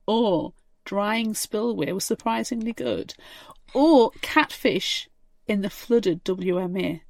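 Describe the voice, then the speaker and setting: A woman's voice: medium pitch, takes it slowly, creaky, darkish tone, dry recording. Giggly woman podcast co-host. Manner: giggly, teasing. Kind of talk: casual chat.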